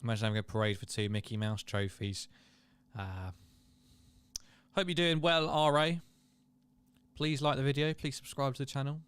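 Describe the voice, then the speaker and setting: A man's voice: medium pitch, normal speed, pauses often, a bit bright, smooth, dry recording. A man hosting a casual live watchalong, chatting and reading viewer comments aloud. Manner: chatty, reads chat aloud, laughs and exclaims. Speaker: livestream host.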